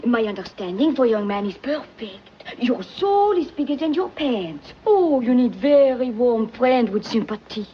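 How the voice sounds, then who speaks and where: A coquettish French maid. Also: female voice, a little high, sing-song, a little slow, hardly any pauses. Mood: coaxing. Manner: coquettish, sprinkles French words, broken English. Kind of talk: 1940s film acting. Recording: dull old film soundtrack, faint hiss.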